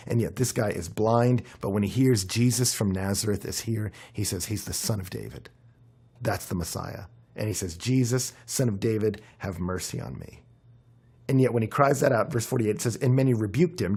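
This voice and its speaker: A young man preaching a conversational sermon, his voice worn and hoarse, with frequent fillers and animated emphasis. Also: mid-range voice. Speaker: pastor.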